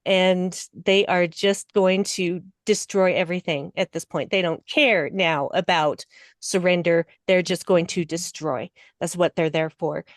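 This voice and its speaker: Woman podcast guest, slow and emotional, laughs a lot, dry close mic. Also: dry recording. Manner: emotional, laughs often, voice rising high when excited. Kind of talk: casual podcast discussion.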